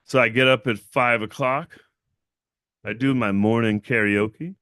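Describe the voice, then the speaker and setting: A man hosting a casual livestream, telling a story in a blunt, profane, animated way and acting out other people's voices. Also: medium pitch, measured pace, no room sound, studio quality. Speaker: channel owner and host.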